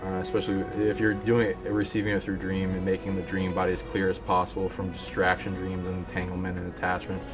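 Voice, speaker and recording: A man's voice: deep voice, completely flat delivery, quick pace, few pauses. A man chatting casually on a live stream in a rambling way, with lots of hesitations. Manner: rambling, many fillers and restarts. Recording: music playing behind the voice.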